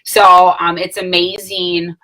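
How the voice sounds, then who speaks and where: A woman's voice: on the low side, flat delivery, takes it slowly, pushed and bright, rough recording. A woman in her late thirties chatting casually to camera, rambling with many fillers and self-corrections and small laughs. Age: late 30s. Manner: laughs between phrases. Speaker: vlogger sharing a product testimonial.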